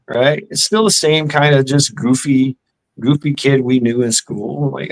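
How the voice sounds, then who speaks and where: A man's voice: on the high side, animated, normal speed, poor audio. A middle-aged man telling casual stories in a rambling, profane way, acting out the lines of the people in them. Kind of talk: casual storytelling.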